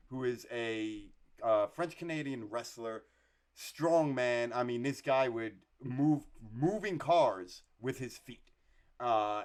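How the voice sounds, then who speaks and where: A man co-hosting a podcast, telling stories in an animated way, swearing freely and laughing often. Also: medium pitch. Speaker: podcast co-host. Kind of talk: casual podcast chat.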